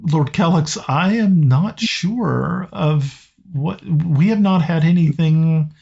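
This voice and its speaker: A man's voice: fairly high pitch, slow, vocal fry, warm tone, husky, voice pushed up, heavily acted. A man voicing a cheerful young woman, the hero's sister, who speaks politely, on a dull lo-fi recording. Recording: dull lo-fi audio.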